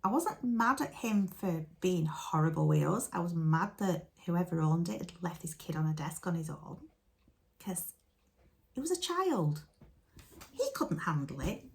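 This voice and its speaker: A woman tells a story to her camera in a chatty, casual way, with a fry running through her voice. Her voice sits a little low for a woman. She acts out what everyone said as she goes. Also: normal speed, darkish tone. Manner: chatty, retells conversations with quoted dialogue. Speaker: vlogger.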